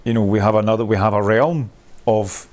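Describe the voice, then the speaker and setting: A man's voice: fairly low pitch, steady tone, fairly quick, darkish tone. A man leading a workshop, thinking aloud in a rambling, discursive way, with many restarts, and laughing at his own points. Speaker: workshop leader.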